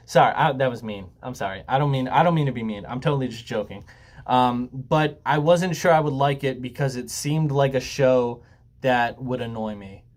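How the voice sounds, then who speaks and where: A man's voice: mid-range voice, normal speed. A young man talking casually to camera, rambling and joking, with frequent ums and some swearing. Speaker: YouTuber. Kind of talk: casual laid-back talk to camera.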